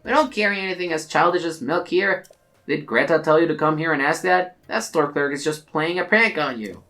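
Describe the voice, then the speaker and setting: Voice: medium pitch, brisk, sharp tone, faint music behind. A game player voicing a prim bartender woman who scolds and gossips, reading game dialogue aloud.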